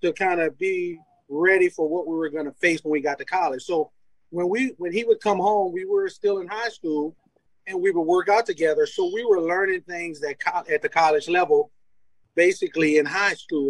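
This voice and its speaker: A man's voice: high-pitched, normal speed, no echo, low-quality recording. A man from Louisiana, a former college football player, telling stories casually as an interview guest, laughing often and acting out what people said. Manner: animated, laughs often, acts out quoted dialogue. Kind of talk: casual storytelling.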